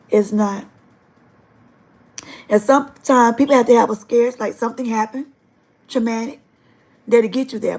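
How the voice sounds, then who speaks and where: Woman livestream host, high voice with lots of vocal fry; earnest, emotional testimony spoken straight to viewers. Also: a little mellow. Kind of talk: live-stream faith testimony.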